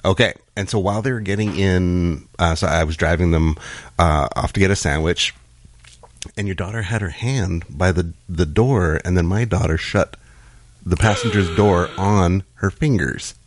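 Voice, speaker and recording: A man's voice: low voice, normal speed, no room sound. A middle-aged man co-hosting a casual podcast chat, dry and sarcastic, laughing often. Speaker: podcast co-host.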